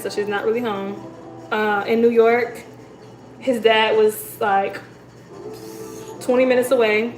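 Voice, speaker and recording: A woman chatting casually on a livestream, reading comments and telling stories in a relaxed, talkative way. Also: a little high, echoey room, rough recording. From United States. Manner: chatty, storytelling, reads comments aloud. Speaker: livestream host. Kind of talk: casual live chat.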